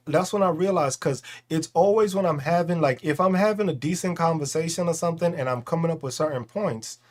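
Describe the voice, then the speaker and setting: Guy ranting on his livestream, swears constantly, laughs, gets loud then drops real low and slow. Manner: profane, laughing, swings between loud outbursts and slow low talk. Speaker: livestream host. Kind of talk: casual livestream rant.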